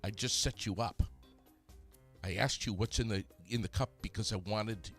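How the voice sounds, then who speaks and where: A man's voice: on the low side, normal speed, faint music behind. A man co-hosting a podcast in a casual morning chat, rambling with fillers and restarts. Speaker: podcast co-host.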